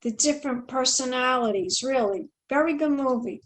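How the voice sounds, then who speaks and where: A woman hosts the interview over a video call in a notably high voice. She rambles happily through long anecdotes and leans hard on her points as she tells them. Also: normal speed, poor audio. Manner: talkative, rambling, emphatic storyteller. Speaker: interview host. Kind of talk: casual interview chat.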